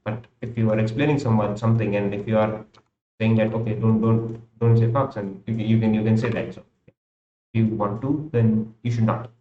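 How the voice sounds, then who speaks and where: A man's voice: lowish voice, flat delivery, normal speed, a little hiss or hum. Young indian english guy rambling on a stream, roomy room sound, kinda dull lo-fi mic. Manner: rambling, repeats and restarts himself. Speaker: live streamer. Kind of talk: casual thinking-aloud stream commentary. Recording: roomy, slightly dull home recording.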